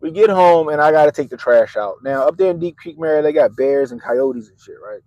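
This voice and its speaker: A middle-aged man on a podcast, telling a story in an animated, profane way and laughing at himself. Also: a little high, brisk, dry recording, muffled recording. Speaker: podcast host. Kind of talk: casual storytelling.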